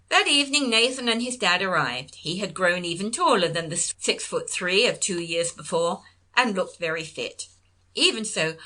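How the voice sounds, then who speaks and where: A woman in her fifties reads her first-person memoir aloud, wry and conversational. Her voice sits low for a woman yet sounds bright and clear-edged. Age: 50s. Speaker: author reading her memoir.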